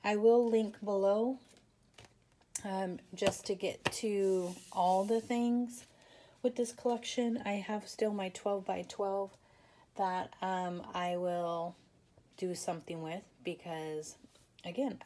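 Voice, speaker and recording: A woman's voice: medium pitch, fairly even intonation, slow pace, dark tone. A tired woman chatting casually as she shows off a handmade craft project, rambling, laughing and apologizing for yawning. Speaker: papercraft crafter. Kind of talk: casual show-and-tell.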